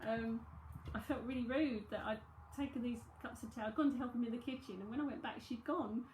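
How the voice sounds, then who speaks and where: A woman with a London accent talks her way through a psychic reading, rambling and thinking aloud as she goes. Her voice sits a little high, and the room around her rings with a noticeable echo. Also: brisk, darkish tone, slight background noise. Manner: chatty, rambling, thinking aloud with many fillers. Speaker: psychic medium. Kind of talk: live-streamed reading, casual chat.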